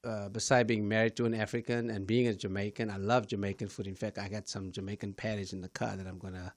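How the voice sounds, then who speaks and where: A man's voice: on the low side, level tone, fast talker, no room sound. A man who is a pastor and talk show host, speaking in a rambling, effusive way while interviewing a guest. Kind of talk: interview conversation.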